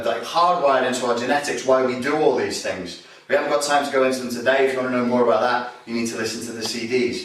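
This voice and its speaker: Animated instructor in an echoey hall. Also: male voice, mid-range voice, distant mic. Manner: animated, acts out aggressive street talk with loud bursts. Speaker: self-defense instructor. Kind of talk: demonstration lesson. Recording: roomy echo, voice from off-mic.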